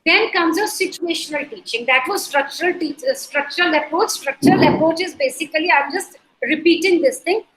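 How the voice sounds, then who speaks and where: A woman's voice: extremely high pitch, a little fast, few pauses, fairly bright tone. A woman with an Indian accent teaching an online lecture over a video call, explaining through repeated examples and checking that students follow. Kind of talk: online lecture mixing in Hindi. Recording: echoey room.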